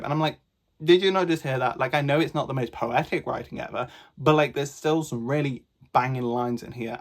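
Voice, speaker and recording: A man talking casually as a book reviewer, excitable and gushing, rambling along with lots of fillers. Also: mid-range voice, gravelly.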